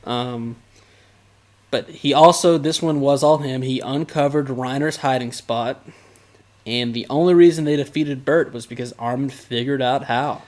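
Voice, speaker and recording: A man's voice: mid-range voice, measured pace, darkish tone. A male podcast co-host in easy, casual conversation, recapping an episode. His delivery is teasing and sarcastic, full of joking asides.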